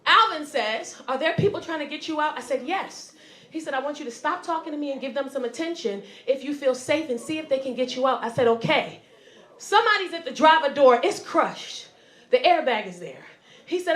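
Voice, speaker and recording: A woman comedian tells a stand-up story in a high voice, acting out the voices and turning loud at the punchlines. She is recorded on a live stage in an echoey room, with faint crowd laughter behind her. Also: moderate pace. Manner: animated, acts out voices and gets loud at punchlines. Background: audience laughter.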